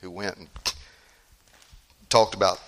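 Male pastor, sermon, emphatic, bright ringing voice, loud-to-hushed swings. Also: low voice, flat delivery, slow.

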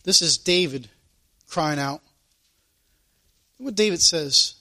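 A man's voice: fairly high pitch, takes it slowly, pauses often, pushed and bright. A man preaching a sermon, reading scripture aloud and pressing his points with rising emphasis.

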